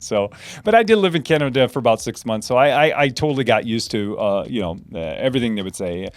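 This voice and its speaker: A man's voice: fairly high pitch, big pitch swings, quick pace, dry recording. An American man from the United States hosting a live Q&A, chatting loosely with lots of restarts and fillers, answering viewer comments. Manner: rambling, lots of restarts and fillers, laughs often. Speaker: host.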